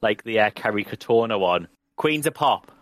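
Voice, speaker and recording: A man's voice: on the low side, animated, moderate pace, no echo. A man co-hosting a podcast, talking eagerly and casually. The recording is dry and close, with no room sound. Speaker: podcast co-host. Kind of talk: casual chat.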